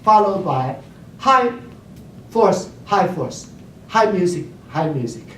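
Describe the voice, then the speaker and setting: A man's voice: sits high, lively intonation, unhurried, fairly bright tone, distant mic, slight background noise. A man teaching classical Chinese poetry to a class, keeps checking that the students follow, and hums examples. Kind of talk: classroom lecture. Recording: roomy classroom recorded from afar.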